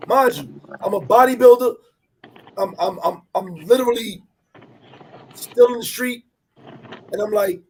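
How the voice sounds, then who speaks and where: A man telling a personal travel story in animated, profane street talk, repeating words as he goes. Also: sits high, a little slow, long pauses, slight background noise. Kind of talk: casual storytelling chat.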